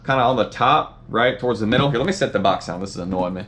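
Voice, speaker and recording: Fast-talking Southern sneaker vlogger. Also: male voice, mid-range voice, lively intonation, fairly bright tone. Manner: rambling, upbeat, lots of fillers like "right?". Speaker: sneaker reviewer. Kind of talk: casual unboxing vlog.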